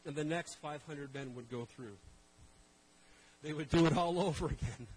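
A man preaching a sermon, telling stories in an animated way and calling out to the congregation. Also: a little high, normal speed, a little hiss or hum, rough recording. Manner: animated storytelling, calls to the congregation. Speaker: pastor.

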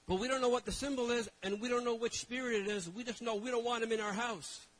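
Brief: a man putting on an eager older pastor, pitched high and pushed loud. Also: fairly even intonation, fast, rough recording. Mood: earnest. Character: eager older male pastor explaining a custom.

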